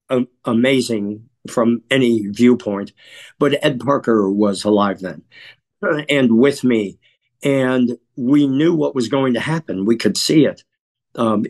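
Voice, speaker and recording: Chicago guy being interviewed, mid-pitched voice, slow earnest storytelling, keeps clearing his throat. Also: darkish tone. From Chicago, USA. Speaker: guest.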